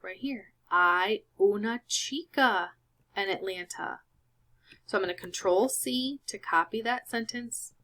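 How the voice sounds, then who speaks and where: A woman walks learners through a Spanish worksheet, patient and careful as she explains each step. She talks at an unhurried, slow pace. Her voice has a bright, clear edge. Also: medium pitch. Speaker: Spanish teacher. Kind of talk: screen-recorded lesson walkthrough.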